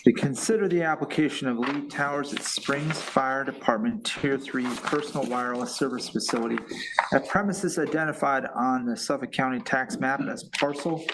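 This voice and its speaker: A man on a planning board reading a formal resolution aloud in a steady, measured way. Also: medium pitch. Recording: loud background noise in meeting audio.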